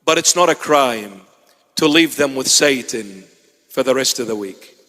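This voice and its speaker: A man, a bishop and native Assyrian speaker, preaching a sermon in a church, animated, with teasing asides to his congregation. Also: medium pitch, a little slow, big-room sound.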